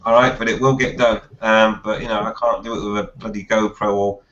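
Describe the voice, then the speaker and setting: A man hosting a casual live chat, reading viewer comments aloud haltingly and laughing often. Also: fairly low pitch, level tone, noisy background. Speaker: host reading viewer questions. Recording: roomy, dull lo-fi live stream audio.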